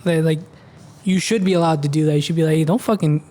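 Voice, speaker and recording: A man in a casual podcast chat, quick and blunt and swearing freely. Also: a little high, steady tone, darkish tone. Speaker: podcast co-host.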